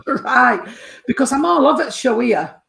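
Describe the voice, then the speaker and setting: This woman's voice is high-pitched and gravelly, swinging widely in pitch at a slightly slow pace. She's a spiritualist medium giving a chatty reading, calling her sitter darling and sweetheart and constantly checking whether they understand.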